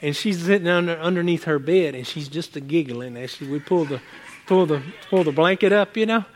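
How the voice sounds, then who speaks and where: A man preaching a sermon, telling animated stories from home with many restarts and asides to the congregation. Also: a little high, a little fast, a little hiss or hum. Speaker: pastor.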